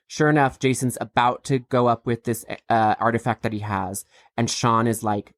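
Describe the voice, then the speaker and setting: Very low-voiced woman, chatty podcast recap. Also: fairly quick, no room sound. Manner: chatty, laughing, acts out quotes. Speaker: podcast co-host. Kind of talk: casual recap chat.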